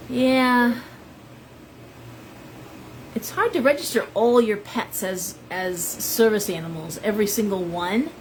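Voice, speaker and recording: A woman's voice: mid-range voice, slow, pauses often, a little hiss or hum, low-quality recording. A middle-aged woman, a shop owner, chatting casually on a live stream and greeting viewers by name. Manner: chatty, rambling, reads out viewer names.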